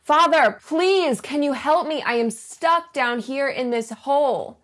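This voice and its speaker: A woman voicing a desperate man stuck in a hole, pleading and calling up loudly in a raised voice. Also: high voice, measured pace, voice pushed up.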